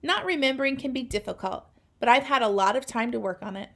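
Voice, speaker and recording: Brief: a gentle, weary silverback gorilla, voiced by a woman, soft and thoughtful, pitched up. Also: quick pace, vocal fry. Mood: wistful. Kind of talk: read-aloud storybook.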